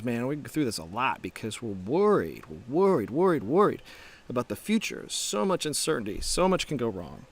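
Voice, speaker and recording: Lively, animated man musing on mindset. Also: mid-range voice. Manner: animated, reflective, with frequent restarts and rhetorical questions. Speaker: startup founder and coach. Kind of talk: casual motivational talk to camera.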